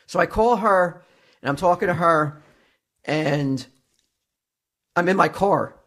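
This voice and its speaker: A man's voice: high voice, slow. A man on a casual podcast telling a story, swearing a lot and laughing as he goes. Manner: profane, animated storyteller, laughing often. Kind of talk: casual chat.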